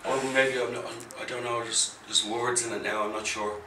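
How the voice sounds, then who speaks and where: A man's voice: mid-range voice, flat delivery, normal speed. An Irish man chatting casually as a guest musician on a radio show, friendly and easygoing. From Ireland. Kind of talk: casual chat interview. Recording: echoey room, distant mic, faint noise.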